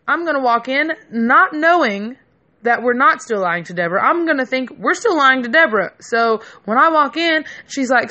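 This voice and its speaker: A young woman spins a casual story in a bright, sharp voice. She is brash and profane, throwing herself into it and acting out what her friends said. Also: sits high, expressive, moderate pace.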